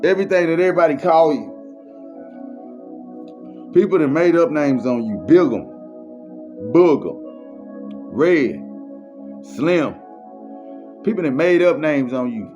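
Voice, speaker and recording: Man preaching motivation, higher voice, keeps repeating himself, dull lo-fi audio. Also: animated, measured pace, pauses often, music in the background. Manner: repetitive, preachy street-slang delivery. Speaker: motivational speaker. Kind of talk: faith-based motivational monologue. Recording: muffled lo-fi recording.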